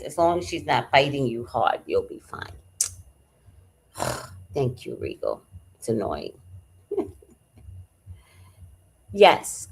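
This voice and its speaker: A woman hosting a livestream in casual chat, telling stories in an animated, profane way and answering viewers. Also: sits low, breathy edge. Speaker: livestream host reading chat.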